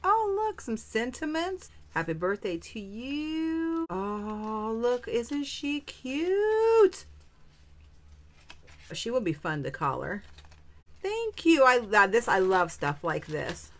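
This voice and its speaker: Lively gushing woman crafter, slow-spoken. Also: a little high. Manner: gushing, delighted exclamations. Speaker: craft vlogger opening a supply swap. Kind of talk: casual unboxing chat.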